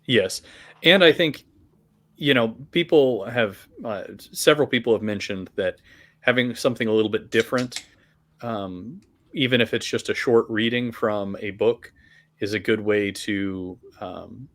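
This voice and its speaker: A man on a podcast calmly explaining updates for his story website, with frequent fillers. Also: lowish voice, measured pace. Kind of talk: casual chat.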